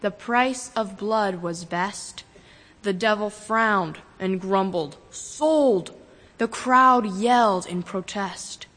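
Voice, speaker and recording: A woman reciting a poem in a slow, measured way in a church. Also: medium pitch, a bit bright. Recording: reverberant church hall.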